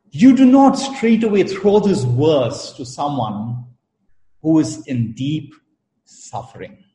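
Man preaching, earnest and slow to get his words out, dark mellow voice, roomy echo. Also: medium pitch. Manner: earnest, measured, with repeated words and pauses. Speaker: pastor. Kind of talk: sermon. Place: church in India during lockdown.

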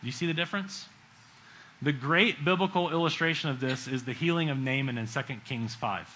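A middle-aged man preaching a sermon in a conversational way, acting out quotes and swinging between loud bursts and hushed lines. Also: medium pitch, fairly quick, a little hiss or hum, poor audio.

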